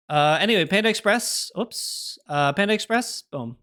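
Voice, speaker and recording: A man's voice: high voice, expressive, moderate pace, sharp tone, smooth. A young man chatting casually on a live stream, rambling through opinions and answering his chat with little laughs.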